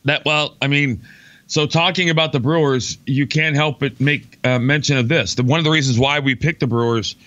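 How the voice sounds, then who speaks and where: A man's voice: mid-range voice, fairly even intonation, moderate pace, fairly bright tone, no room sound, highs cut off. A man, a former baseball player co-hosting a sports show, talking casually with many ums and repeated words.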